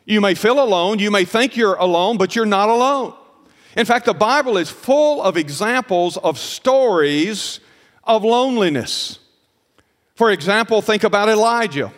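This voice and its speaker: High-voiced pastor preaching in a reverberant hall. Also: male voice, animated. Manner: earnest preaching, reading scripture aloud with slow emphasis. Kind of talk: sermon. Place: church sanctuary.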